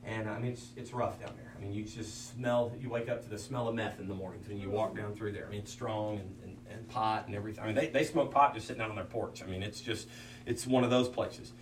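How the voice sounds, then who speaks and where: This male pastor has a lowish, steady voice and talks fast while preaching to fellow ministers through homespun stories. He acts out quotations and keeps dropping "I mean" asides. A faint hum sits under the distant, roomy recording.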